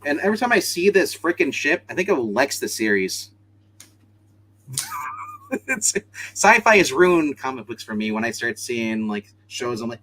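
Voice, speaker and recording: A man showing off his comics, wandering from point to point with jokes. His pitch jumps around a lot, and he talks in a loose, unscripted way. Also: big pitch swings, normal speed, long pauses, a bit bright. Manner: rambling and jokey. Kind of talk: casual chat.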